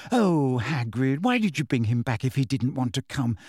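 A man voicing an anxious, clever teenage girl who turns shrill and sarcastic when upset. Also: sing-song, moderate pace, darkish tone, breathy edge, no echo, clean studio sound.

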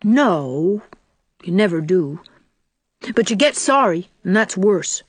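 A woman voicing a small, anxious, earnest boy in a quick, pleading, higher voice. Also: lively intonation, slightly rough, no room sound.

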